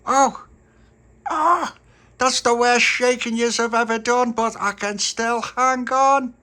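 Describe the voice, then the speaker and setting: A man's voice: very high-pitched, takes it slowly, pushed and bright, pitched above the performer's own voice, exaggerated voice. Man doing a tough matter-of-fact girl. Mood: straining.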